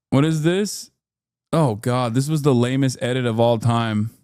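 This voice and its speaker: A man in his thirties giving live-stream reaction commentary, ranting in an exasperated, profane way, his voice jumping sharply up in pitch when he gets worked up. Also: moderate pace, a little mellow, smooth, no echo, studio quality. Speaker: political streamer.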